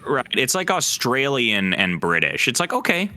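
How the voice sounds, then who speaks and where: A man's voice: mid-range voice, big pitch swings, normal speed, sharp tone. A young man co-hosting a podcast in easygoing casual chat, laughing often. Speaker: podcast co-host.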